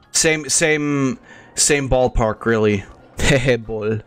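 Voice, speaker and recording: A man's voice: medium pitch, takes it slowly, vocal fry, faint music behind. Rambling, foul-mouthed young man gaming. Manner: rambling, crude and profane. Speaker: gaming channel host. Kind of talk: casual gameplay commentary.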